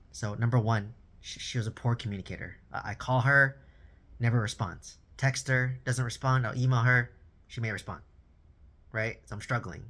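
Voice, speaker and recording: A man's voice: mid-range voice, fairly bright tone. A man in a casual monologue, telling a story with lots of "right?" tags and repeated words. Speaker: vlogger on real estate and personal finance. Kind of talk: casual talking-head monologue.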